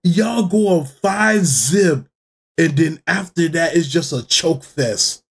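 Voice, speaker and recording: A man's voice: a little high, takes it slowly, husky. A man hosting a sports reaction video, talking casually, laughing and swearing as he reacts. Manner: excitable, laughing, swearing freely. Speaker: reaction channel host.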